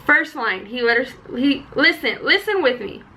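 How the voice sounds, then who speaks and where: A young woman vlogging casually, chatty and excitable with high energy. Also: moderate pace, a little hiss or hum, low-quality recording. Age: young adult. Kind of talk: casual chat.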